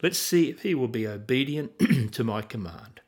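A man voicing God speaking calmly and deliberately to a prophet, in a retold Bible passage. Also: mid-range voice, close to an everyday voice.

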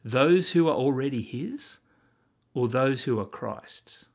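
Animated male preacher. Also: mid-range voice, takes it slowly. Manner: animated, emphatic preaching with rhetorical questions. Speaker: pastor. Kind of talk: sermon.

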